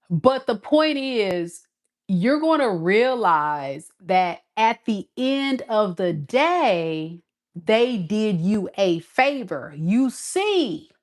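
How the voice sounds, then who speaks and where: A woman reading tarot in a sassy, emphatic way, talking right to the viewer. She takes her time, drawing words out at an unhurried pace. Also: mid-range voice. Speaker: tarot reader.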